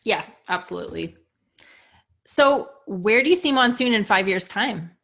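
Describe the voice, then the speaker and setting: A woman's voice: medium pitch, animated, moderate pace, vocal fry, a bit bright. Upbeat woman hosting an interview. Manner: affirming, upbeat. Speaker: podcast host.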